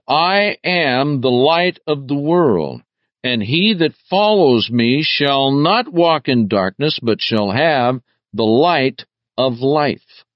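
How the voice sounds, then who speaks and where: A man preaching a verse-by-verse Bible teaching, slow and emphatic, his voice rising sharply on key words. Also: mid-range voice, dry recording. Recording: dull lo-fi dry recording.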